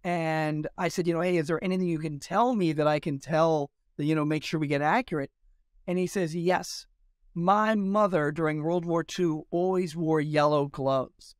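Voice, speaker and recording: A male historian telling lively anecdotes in an interview, acting out quoted dialogue as he goes. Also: fairly high pitch, moderate pace, smooth, no room sound, studio quality. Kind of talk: storytelling in an interview.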